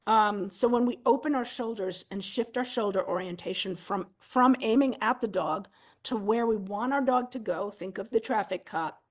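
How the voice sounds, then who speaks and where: A woman's voice: mid-range voice, normal speed. Woman instructor explaining with candid asides. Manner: explanatory, candid and self-deprecating, with fillers. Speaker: dog sport instructor giving a seminar talk. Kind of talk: conversational presentation commenting on video clips.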